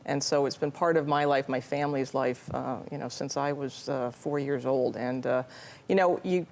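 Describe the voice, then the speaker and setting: A woman's voice: extremely low pitch, fairly even intonation, moderate pace, creaky, a little mellow, slight background noise. A middle-aged woman, a nonprofit leader, answering interview questions earnestly with frequent restarts. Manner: earnest, many restarts and fillers. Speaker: nonprofit CEO, guest.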